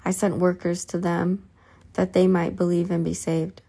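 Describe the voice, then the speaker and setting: Solemn stern Jesus, read by a woman, flat low delivery, gravelly edge, measured words. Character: sorrowful stern Jesus, grown man.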